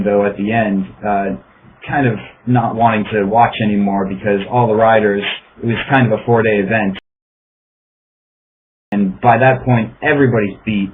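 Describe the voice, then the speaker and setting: Man hosting a podcast over a tinny line. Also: lowish voice. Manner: rambling, self-deprecating. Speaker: podcast host. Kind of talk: casual chat. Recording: tinny phone-like line, faint hiss.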